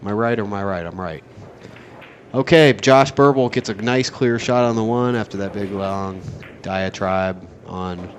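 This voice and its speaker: A man with a deep, low voice calls a pool match at a tournament venue. His play-by-play is casual and excitable, full of jokes and rambling side tangents. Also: normal speed, slight background noise. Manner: rambling, joking, excitable asides.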